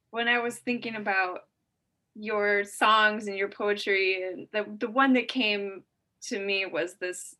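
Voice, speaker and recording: Bright-voiced woman hosting a podcast. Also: medium pitch. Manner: warm, affirming, gentle questions with soft laughs. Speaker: podcast host. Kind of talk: podcast interview.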